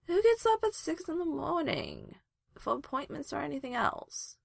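A woman's voice: on the low side, animated, normal speed, vocal fry, husky, heavily acted. A woman voicing a groggy young woman buried in blankets, mumbling and whiny with sleep. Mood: sleepy grumbling.

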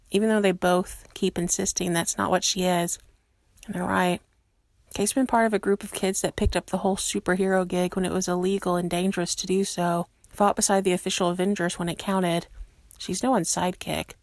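A woman narrating a story aloud in a steady, measured way. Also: lowish voice, no room sound, clean studio sound. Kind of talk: reading fan fiction aloud.

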